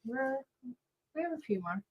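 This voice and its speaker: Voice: high-pitched, sing-song, normal speed, dull audio, slight background noise. A co-host of a live stream cutting in with short teasing remarks. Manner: teasing, brief interjections. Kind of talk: casual live-stream chat.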